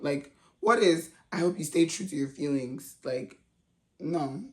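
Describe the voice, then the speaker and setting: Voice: medium pitch, unhurried. A reality TV recap vlogger talking in a casual, slangy, chatty way with frequent laughs. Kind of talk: casual commentary.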